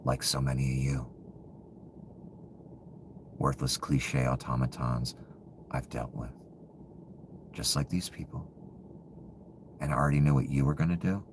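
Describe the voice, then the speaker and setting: A man in a bitter, profane ranting monologue, full of contempt and often sinking to low hushed muttering. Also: fairly even intonation, measured pace, long pauses, noisy background.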